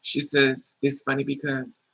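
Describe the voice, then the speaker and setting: A vlogger with a medium-pitched, creaky, slightly rough voice tells a personal story at an unhurried pace, animatedly acting out other people's quoted lines and swearing freely. The audio is poor.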